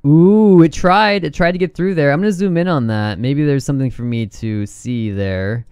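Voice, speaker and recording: A man doing a casual vlog about trading charts, excitable and giddy, quick to laugh as he goes. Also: on the high side, clean tone, dry recording, clean studio sound. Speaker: trading vlogger.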